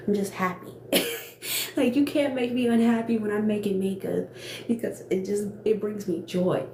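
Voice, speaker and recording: A woman's voice: mid-range voice, a little mellow. A young woman who runs a small cosmetics business, hosting a casual live stream and chatting earnestly. She laughs often, repeats herself, and sounds close to tears. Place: indoor room, makeup workspace. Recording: echoey room with faint background noise.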